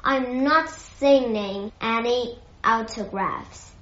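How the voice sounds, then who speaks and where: A woman puts on a vain, bad-tempered stage star who booms and growls with theatrical flair. The voice is slow and a bit high. It sounds echoey and dull. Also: fairly bright tone. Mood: irritable. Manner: booming, dramatic, growling. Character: vain, cross, booming old stage actor. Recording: echoey muffled lo-fi recording.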